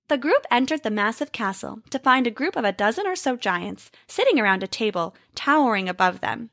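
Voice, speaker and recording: A woman telling a storybook tale aloud with an expressive, lively reading. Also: on the high side, a little fast, hardly any pauses, no echo, clean studio sound.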